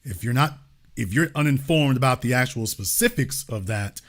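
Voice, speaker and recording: Emphatic, lively host lecturing callers. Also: male voice, mid-range voice, normal speed. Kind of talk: political commentary and call-in.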